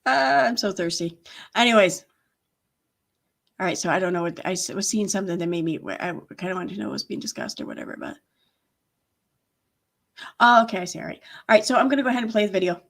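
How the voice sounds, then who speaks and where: A chatty woman streamer talks loosely to her viewers, sarcastic and quick to laugh. Her voice sits at an ordinary middle pitch. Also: big pitch swings, creaky. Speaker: commentary channel host. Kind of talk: casual livestream commentary.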